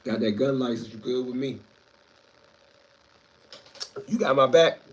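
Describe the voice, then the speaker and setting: A man's voice: mid-range voice, unhurried. A man hosting a casual live stream, reading viewer comments aloud and answering them in a laid-back way.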